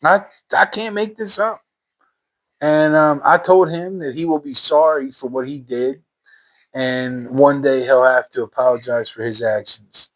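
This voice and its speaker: A man's voice: medium pitch, steady tone, a little slow, a bit bright. A man telling his personal faith testimony in a fervent, emphatic way, repeating phrases in casual everyday speech.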